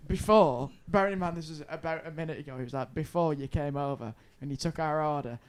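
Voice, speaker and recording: A man's voice: on the high side, quick pace, clean tone. A young man telling a long anecdote on a podcast, rambling, swearing and laughing. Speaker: podcast co-host. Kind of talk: casual chat, storytelling.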